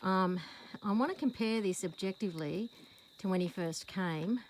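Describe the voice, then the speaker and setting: An Australian woman vlogging outdoors with a handheld phone camera, chatting rambly and calling her horse in a high sing-song voice. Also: normal speed, a little hiss or hum, low-quality recording. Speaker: horse owner filming her rescue horse. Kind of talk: casual vlog to camera. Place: outdoors in a paddock.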